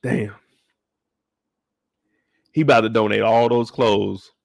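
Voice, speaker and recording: A man hosting a casual live recap of a series, talking in an animated, slangy, playful way. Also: lowish voice, slow, gravelly, dry recording, studio quality. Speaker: show host recapping a series.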